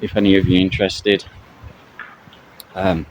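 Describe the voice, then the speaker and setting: A middle-aged man from Britain talking to his viewers while out on a walk, halting and full of fillers, out of breath. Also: low-pitched, flat delivery, poor audio. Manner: halting, many fillers and restarts. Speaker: camping channel vlogger. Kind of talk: casual spoken update to viewers while walking. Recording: loud outdoor traffic noise.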